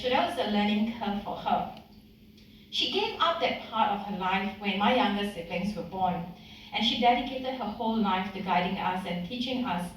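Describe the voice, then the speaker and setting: Recorded from some distance on an echoey hall microphone with slight background noise, a woman in her thirties from Singapore speaks at a community event. Her medium-pitched voice carries a heartfelt, slightly emotional personal speech to the audience.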